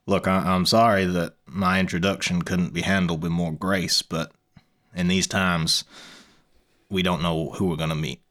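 A man's voice: sits low, little pitch movement, normal speed, fairly bright tone. Ion, a man doing a guarded rebel leader. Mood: earnest. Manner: apologetic, businesslike.

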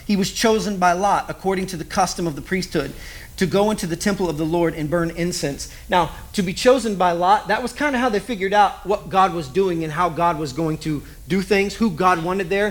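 A man preaching a sermon in a conversational, animated way, full of rhetorical questions. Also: high voice. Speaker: pastor.

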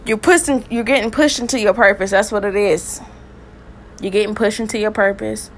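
A woman's voice: medium pitch, steady tone, moderate pace, a little hiss or hum. A woman hosting a podcast, preaching and praying fervently, repeating phrases with emotion. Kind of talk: impassioned spoken sermon and prayer.

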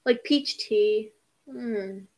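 A teenage girl co-hosting a podcast in casual chat, talking fast, swearing often and sometimes stuttering. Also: a little high, a little mellow. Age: teens. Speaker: podcast co-host.

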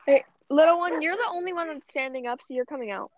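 Slight background noise sits under this lo-fi, dull recording of a young woman co-hosting a podcast. Her voice is high and fast as she chats and rambles, swearing a lot and using "like" nonstop.

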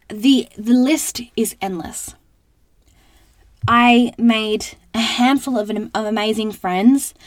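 A woman's voice: medium pitch, no room sound. Earnest young woman podcasting from a wardrobe. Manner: earnest, effusive, many restarts and fillers. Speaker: podcast host. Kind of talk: casual solo podcast monologue. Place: small clothes wardrobe at home. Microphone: podcast microphone.

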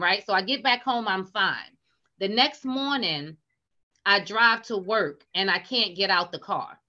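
A middle-aged woman speaks candidly about her own experience, open and vulnerable, circling back to repeat herself. Her voice is bright and forward. The recording is somewhat dull and lo-fi. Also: mid-range voice. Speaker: guest sharing personal story. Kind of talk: candid personal storytelling.

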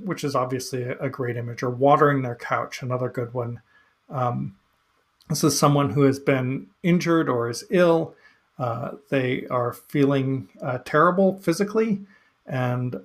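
A man who reads a psalm aloud, then talks it through in a relaxed, hesitant way with many fillers. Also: medium pitch. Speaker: podcast host reading psalms. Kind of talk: scripture reading and casual commentary.

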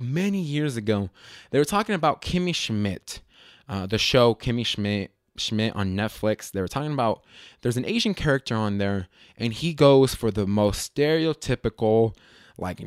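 A man hosting his own podcast in a loose, rambling way, correcting himself often and filling pauses with ums. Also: mid-range voice, no room sound, studio quality. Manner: rambling, self-correcting, lots of fillers. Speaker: podcast host. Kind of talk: casual solo podcast chat.

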